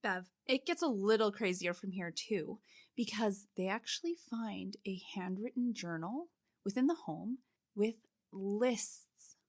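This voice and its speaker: A woman's voice: medium pitch, expressive, a little slow, no room sound, studio quality. A woman co-hosting a casual podcast, steadily walking her listener through a case with frequent "like" fillers. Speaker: podcast co-host telling the case. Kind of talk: casual true-crime podcast narration.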